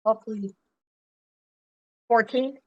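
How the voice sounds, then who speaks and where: Sex: woman. Role: player. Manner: tentative. Pitch: fairly high. Sound: dry, close. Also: fairly even intonation, takes it slowly, no echo, muffled recording. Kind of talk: tabletop game chat.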